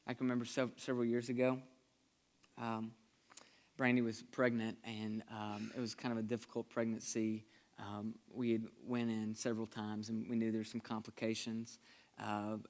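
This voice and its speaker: A pastor preaching a sermon in a conversational, earnest way, shifting between lively and hushed delivery. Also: male voice, medium pitch, brisk.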